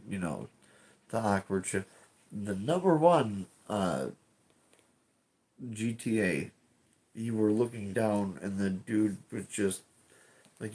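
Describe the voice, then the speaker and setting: A man's voice: fairly low pitch, a little mellow. A man streaming from home, chatting casually and rambling, swearing often and restarting his sentences. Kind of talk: casual live-stream chat.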